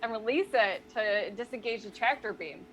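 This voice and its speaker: A woman's voice: on the high side, normal speed, fairly bright tone, faint music behind, low-quality recording. A woman playing a tabletop roleplaying game, playful and enthusiastic as she describes what her character does. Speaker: player.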